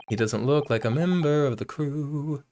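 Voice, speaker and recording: A loud man commenting casually on a video game, swearing and joking. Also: on the high side. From United States. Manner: loud, profane, joking asides. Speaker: let's play host.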